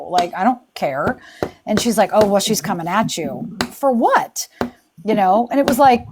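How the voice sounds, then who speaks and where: A woman's voice: mid-range voice, background noise. Chatty woman retelling drama. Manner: chatty storyteller who acts out quoted exchanges; exasperated, rambling and full of restarts. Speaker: live stream host. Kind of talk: casual live-stream chat.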